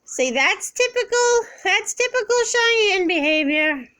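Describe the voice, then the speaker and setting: A woman with a high, very lively voice talks to her pets at home in sing-song baby talk. She speaks slowly, her pitch swooping up and down as she coaxes the animals. The tone is light and playful throughout. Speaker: pet owner. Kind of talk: home pet video.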